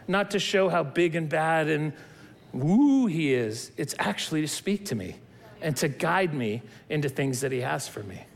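A man preaching a sermon, reading scripture and then teaching with emphatic, animated delivery and acted-out dialogue. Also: sits high. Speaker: pastor.

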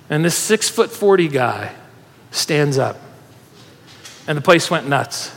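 A man preaching a sermon, telling a personal story in an animated way, laughing and getting emotional as he goes. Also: on the high side, normal speed. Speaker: pastor. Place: church hall with audience. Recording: reverberant hall.

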